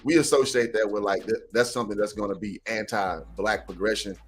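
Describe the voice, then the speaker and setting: Lower-voiced man in casual podcast chat. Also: fairly quick, faint music behind. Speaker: podcast co-host.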